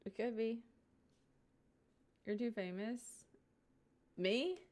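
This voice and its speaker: A woman's voice: fairly high pitch, lively intonation, slow pace, a little mellow. A young woman live streamer chatting casually and playfully with her viewers, giggly and rambling, sitting at home at a desk mic.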